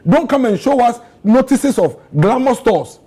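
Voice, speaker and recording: Man, Ghanaian accent, high husky voice, heated panel debate, impassioned. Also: lively intonation, measured pace, mellow. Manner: impassioned, rising to pleading outrage.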